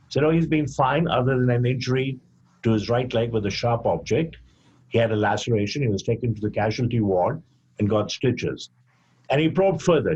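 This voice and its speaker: An older man from India tells his story slowly and carefully, giving each quoted speaker a voice of their own. His voice is breathy and husky at a middle pitch. He speaks as a physician guest on a podcast. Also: a little mellow, muffled recording. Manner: measured storyteller who acts out quoted dialogue.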